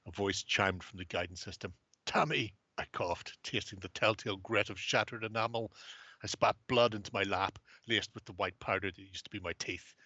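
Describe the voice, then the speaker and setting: Lo-fi, low-voiced swearing podcast host. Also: male voice, fairly even intonation, fairly quick, sharp tone, dry recording. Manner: sweary, wry and laughing, reads with relish. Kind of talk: casual chat and dramatic reading aloud. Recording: muffled lo-fi.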